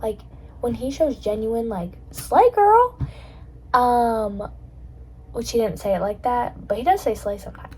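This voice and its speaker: Bubbly young woman with a breathy voice. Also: fairly high pitch, fairly even intonation, normal speed, dark tone, low-quality recording. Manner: bubbly and rambling, with many fillers. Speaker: podcast host. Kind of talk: casual solo chat.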